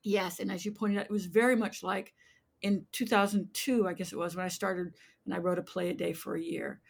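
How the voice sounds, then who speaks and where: A woman in her sixties from the United States, a playwright telling animated stories in an interview and acting out voices as she goes. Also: medium pitch, brisk, gravelly. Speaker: playwright guest. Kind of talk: interview storytelling.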